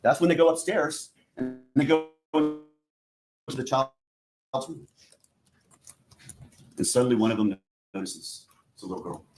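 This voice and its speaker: Man, prosecutor, courtroom opening statement, speaks straight to the jury, methodical, middle pitch. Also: lively intonation, unhurried, pauses often, a little mellow, soft background music. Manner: addresses the jury directly, repeating "you're gonna".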